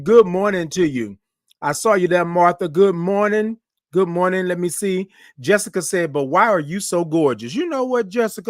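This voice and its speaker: A man's voice: a little high, no room sound, studio quality. A man hosting a casual live stream, upbeat and effusive, greeting viewers by name and reading their comments aloud. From Houston, Texas. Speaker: livestream show host.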